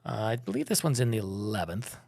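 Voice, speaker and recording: A middle-aged man from Minnesota, USA, co-hosts a travel podcast, telling stories in a rambling, casual chat full of restarts. His voice is lowish and darkish in tone, moving a little fast.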